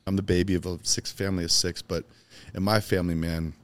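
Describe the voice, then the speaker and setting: Deep-voiced man telling heartfelt stories. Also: level tone, quick pace. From Chicago. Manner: emphatic, heartfelt, swears casually. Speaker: podcast guest. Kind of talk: personal storytelling in conversation.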